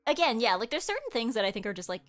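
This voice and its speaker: A woman streaming, her voice sitting a little high with a nasal edge. She chats casually and explains things at length. Soft background music plays faintly behind her. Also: big pitch swings, very fast. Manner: chatty, explains with vocal demos.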